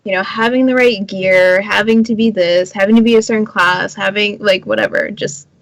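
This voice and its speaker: A woman's voice: mid-range voice, steady tone, creaky, no room sound, rough recording. Chatty woman, dry close sound. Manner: enthusiastic, chatty, quick agreeing. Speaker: podcast co-host. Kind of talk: casual chat.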